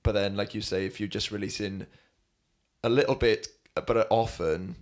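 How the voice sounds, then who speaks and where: A man's voice: fairly low pitch, fairly even intonation, normal speed. A man hosting a casual podcast interview, encouraging his guest with short affirmations. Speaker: podcast host.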